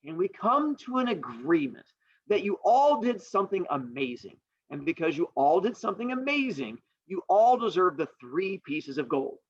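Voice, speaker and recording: A man's voice: high voice, sing-song, normal speed, slightly rough, dull audio, heavily acted. Aesop, a man playing a patient old teacher.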